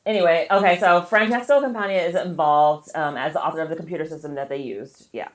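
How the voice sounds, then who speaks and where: A female podcast co-host casually retells a story, her speech packed with fillers and swearing. She talks fast in a low-pitched voice, and the room is echoey.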